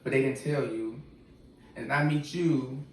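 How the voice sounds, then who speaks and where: A man's voice: mid-range voice, fairly even intonation, unhurried, darkish tone. A man, a podcast guest, talking candidly in casual slang. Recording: echoey room, distant mic, faint noise.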